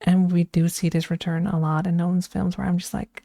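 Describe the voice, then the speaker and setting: A woman streamer chatting casually and giving her opinions in an unhurried way. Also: on the low side, little pitch movement, vocal fry, mellow, no echo, studio quality. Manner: unhurried and opinionated, with frequent restarts. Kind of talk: casual chat, ranking films.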